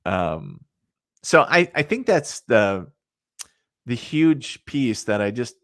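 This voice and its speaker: A middle-aged man with a medium-pitched, sing-song voice takes his time as a podcast guest. A psychic medium, he tells rambling, filler-laden stories casually and laughs at his own stories. The audio has studio quality and no room sound.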